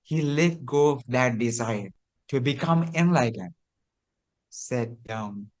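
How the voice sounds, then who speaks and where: A man, a Buddhist monk, telling a teaching story in a sermon, slow and repetitive with hesitant restarts. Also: mid-range voice.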